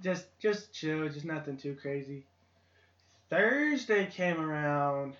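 Higher-voiced young man, chatty co-host. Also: animated, takes it slowly, a bit bright. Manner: laughing, chatty recounting. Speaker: podcast co-host. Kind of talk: casual chat. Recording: lo-fi echoey room.

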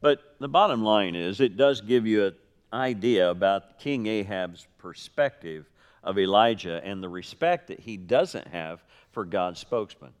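A man preaching a sermon, telling a story with lively quoted voices and dry jokes. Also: fairly low pitch, measured pace, clean tone. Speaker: pastor. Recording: reverberant hall.

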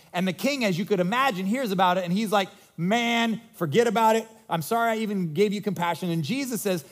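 A man with a fairly high voice delivers a sermon as a pastor. He retells scripture in an animated, conversational way, slipping in casual asides. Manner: conversational, animated storytelling with quips.

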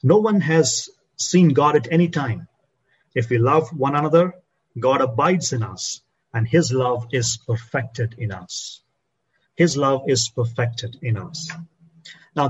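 Husky-voiced man preaching a slow sermon. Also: dull audio. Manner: slows and drops low to stress key phrases. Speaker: pastor.

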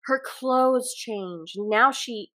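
A woman's voice: a little high, extremely slow, sharp tone. A woman with a Southern US accent, co-hosting a podcast in casual chat, talking in a reflective, earnest way that trails off with fillers. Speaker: podcast co-host.

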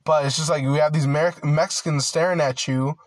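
A man's voice: on the high side, steady tone, fairly quick, no echo, low-quality recording. Profane ranting man, dry sound. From United States. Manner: profane, rambling, filler-heavy with many "like"s and restarts; aggrieved and heated. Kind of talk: casual ranting monologue.

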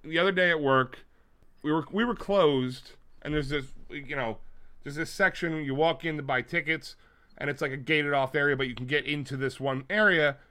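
A man's voice: on the high side, normal speed, clear, resonant tone. A man co-hosting a podcast, telling stories in a casual comedic chat and swearing freely. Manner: animated storyteller, mimics people loudly. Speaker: podcast co-host.

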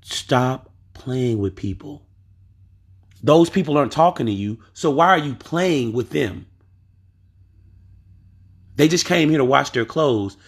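A man's voice: medium pitch, expressive, slow, long pauses, slightly rough. A man hosting a podcast, telling a story in a casual monologue and pressing his point with rhetorical questions. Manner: emphatic, asks rhetorical questions. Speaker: podcast host.

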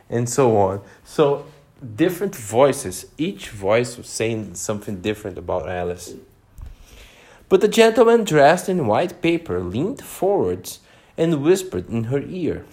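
A man reading a storybook aloud to children, pausing now and then to explain words. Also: mid-range voice. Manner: animated, unhurried, pauses to explain words.

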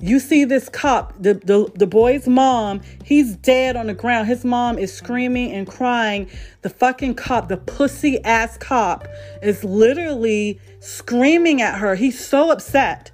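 A woman's voice: a little high, a little slow, faint music behind. A woman vlogger delivering a heated, profane monologue rant, repeating herself for emphasis.

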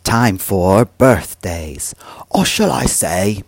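A man hosting a small radio show, with a low, husky voice and an unhurried delivery. His tone is gentle, polite and self-deprecating. The sound is dry and close, with faint music in the background. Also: lively intonation, no echo. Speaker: school radio presenter. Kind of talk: relaxed radio shout-outs.

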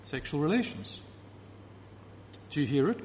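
A man's voice: on the high side, expressive, a little slow, darkish tone, slight background noise. A man preaching a sermon to a congregation, emphatic and repeating key phrases to drive his point home. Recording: reverberant hall with faint ambience.

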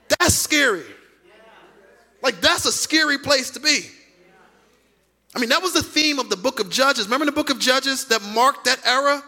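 A man's voice: very high-pitched, very animated, normal speed, bright, forceful tone. A male pastor preaching a sermon emphatically, repeating key lines and acting out quoted voices.

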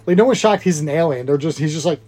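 A man's voice: fairly high pitch, animated, fast talker, warm tone. A man co-hosting a podcast, recapping a movie in a rambling, laughing way and acting out its lines. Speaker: podcast co-host. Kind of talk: casual movie recap chat.

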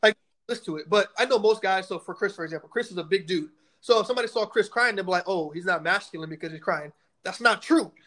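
A young man in his twenties with a high voice and a quick, tumbling delivery. He co-hosts a casual podcast and tells stories in blunt, profane, animated bursts. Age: 20s. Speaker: podcast co-host. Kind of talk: casual chat.

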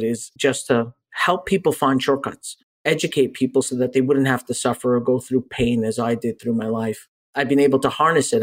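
A man in his forties, a life coach appearing as a podcast guest, telling a personal story earnestly and candidly, animated when he retells conversations. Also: mid-range voice.

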